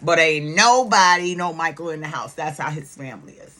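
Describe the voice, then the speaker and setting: A middle-aged woman talking casually and bluntly on her video channel, loud and animated, swearing freely, with grief showing through in places. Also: low-pitched, a little fast. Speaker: YouTube reality-TV commentator. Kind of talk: casual vlog commentary.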